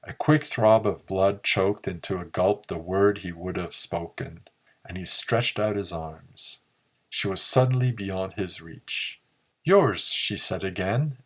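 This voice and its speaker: A man narrating a pulp story in a slow, measured reading. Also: low voice. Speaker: audiobook narrator.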